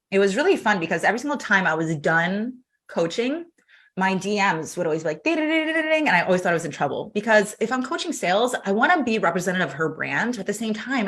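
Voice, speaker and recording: A woman in her thirties talking through her story for an interview. She acts out every back-and-forth as she goes and laughs along the way. Her voice is fairly low but bright and forward. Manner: animated, acts out quoted dialogue, laughs often. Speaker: podcast guest.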